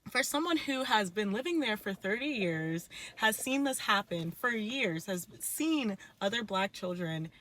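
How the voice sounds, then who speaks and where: A woman's voice: medium pitch, animated, a little slow, few pauses, fairly bright tone, poor audio. A woman hosting a podcast who answers her guest in a casual, sympathetic and reflective way. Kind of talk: casual chat.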